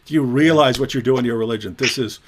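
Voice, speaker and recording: A man's voice: mid-range voice, fast, a little hiss or hum. A man co-hosting a casual online discussion, sarcastic and mocking as he talks. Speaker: co-host.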